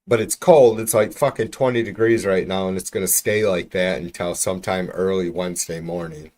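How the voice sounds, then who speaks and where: A man's voice: low voice, steady tone, a little fast, a little mellow. A man casually chatting with his livestream viewers, rambling and swearing freely, speaking from about an arm's length from the mic. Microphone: mic about an arm's length away.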